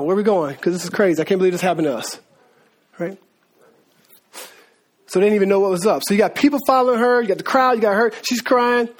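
A man with a high-pitched voice teaches from scripture in a loose, conversational sermon. He slips into slang, calls the room guys, and acts out the people in the story as he goes. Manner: informal, slangy, addresses listeners as guys; acts out voices of biblical figures. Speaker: preacher.

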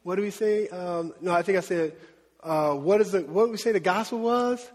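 Husky high-voiced man preaching in a hall. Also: normal speed, darkish tone. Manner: conversational, asks the audience questions. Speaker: pastor. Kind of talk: sermon.

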